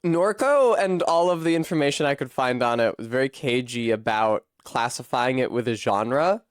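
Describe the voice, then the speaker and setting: A man's voice: mid-range voice, lively intonation, moderate pace, smooth, dry recording, clean studio sound. A man from Rhode Island chatting casually on a live stream, self-deprecating and swearing freely, with occasional coughing. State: coughing fits.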